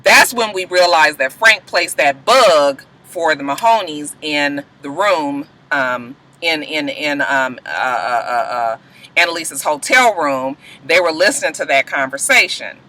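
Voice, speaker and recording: A woman's voice: low voice, animated, a little slow, bright, forceful tone, low-quality recording. A woman, animatedly recapping a TV episode and acting out the characters' lines. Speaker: TV recap vlogger.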